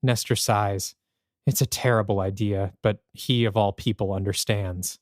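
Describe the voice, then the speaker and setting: Podcast man narrating a story pitch. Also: unhurried, no room sound, studio quality. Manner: animated, thinking aloud. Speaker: podcast co-host.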